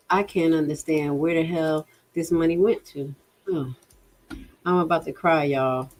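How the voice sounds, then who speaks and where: A woman's voice: low-pitched, fairly even intonation, a little slow, darkish tone, faint music behind. Exasperated outspoken woman livestreamer. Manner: outspoken and exasperated, swears, addresses viewers as y'all. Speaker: livestream host reviewing a township budget. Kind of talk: casual livestream commentary.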